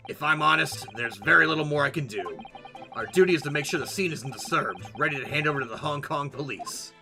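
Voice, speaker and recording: A man voicing a gruff, battered male police inspector who plays down his injuries in an understated way. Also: a little high, animated, a little fast, over music. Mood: stoic. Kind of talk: reading game dialogue aloud.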